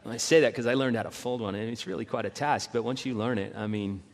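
A man's voice: medium pitch, fast, gravelly. Man preaching in a reverberant hall. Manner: animated, acts out quoted voices with rising intensity. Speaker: pastor. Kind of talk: sermon. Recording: long reverb in a large hall.

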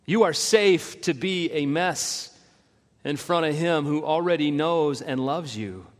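A middle-aged man preaches a sermon in a somewhat high voice, carried by a long reverb from a large hall. He is animated and acts out the voices of the people he quotes. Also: slow pace. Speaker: pastor.

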